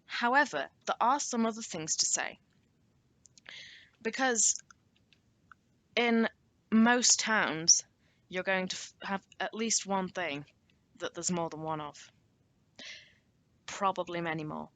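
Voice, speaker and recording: Slow, bright-voiced woman teaching. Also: medium pitch, no echo. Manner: slow, careful teaching with repeated example phrases. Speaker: language teacher. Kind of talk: recorded online lesson.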